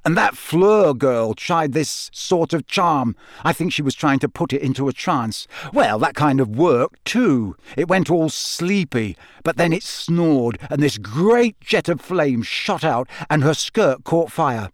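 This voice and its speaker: A man's voice: on the high side, lively intonation, moderate pace, few pauses, no room sound, close to an everyday voice. Eager, rambling teenage boy wizard in an audiobook, read by a man in a lightly raised voice, close and dry. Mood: excited. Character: excitable teenage boy wizard, chatty best friend. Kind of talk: audiobook character reading.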